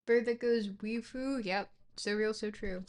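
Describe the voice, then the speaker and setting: A woman's voice: a little high, fairly even intonation, measured pace. A woman streamer reading a book aloud on a livestream, rambling and playful between passages, with plenty of fillers and self-corrections.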